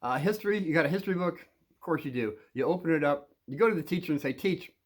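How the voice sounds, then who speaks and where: A man's voice: on the high side, lively intonation, fast. Rambling man giving casual advice. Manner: rambling, with many fillers and restarts. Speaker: advice vlogger.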